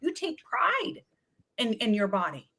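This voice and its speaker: A middle-aged woman, a wellness coach, telling lively stories in an interview and acting out what people said to her. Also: fairly high pitch, measured pace, husky. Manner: energetic, chatty, often acts out quoted voices. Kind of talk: animated storytelling in a talk-show interview.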